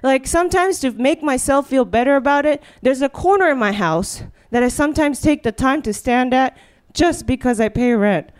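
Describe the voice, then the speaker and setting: A woman's voice: sits high, normal speed, smooth. A young woman doing a rambling stand-up monologue on stage, then hosting a live comedy show. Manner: rambling, riffing, full of "you know". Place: stage before a live audience.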